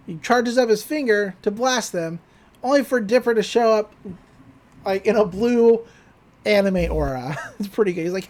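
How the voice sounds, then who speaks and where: Speaking at a moderate pace in a mid-range voice, a woman co-hosts a podcast and gives a lively recap of a cartoon episode. She performs the characters' lines as she retells it, laughing frequently in this casual chat.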